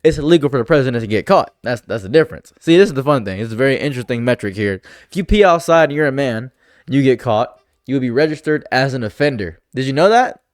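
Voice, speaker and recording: A commentary streamer rants about politics in a sarcastic, exasperated way, jumping his pitch up into mocking voices for asides. His delivery is expressive and fast, recorded dry at studio quality.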